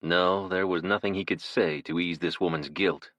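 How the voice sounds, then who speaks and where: Brief: very deep male narrator, steady and measured, dry lo-fi audio with a dull edge. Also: no room sound. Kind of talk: scripted narration.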